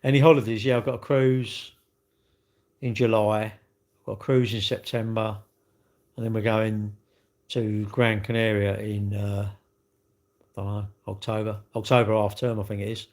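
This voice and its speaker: Chatty middle-aged livestreamer. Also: male voice, on the low side, flat delivery, normal speed, long pauses, a little mellow. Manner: chatty, cheeky banter, swearing. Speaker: livestream host. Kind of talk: casual livestream chat reading comments.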